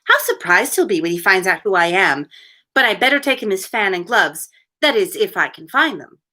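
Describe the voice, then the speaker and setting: A woman's voice: mid-range voice, very animated, normal speed, sharp tone. A woman reading aloud, voicing a curious young girl who talks to herself as she wonders. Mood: musing.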